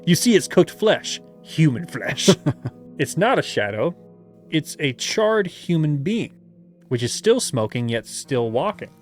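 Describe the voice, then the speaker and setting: A man's voice: a little high, sing-song, slow pace, soft background music. A man reading a gamebook aloud as game master, with playful asides and laughter.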